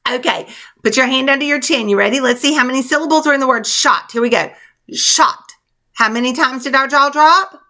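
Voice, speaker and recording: A woman's voice: fairly high pitch, normal speed, sharp tone. A woman teacher leading young children through a spelling lesson, coaching them patiently in a sing-song classroom manner.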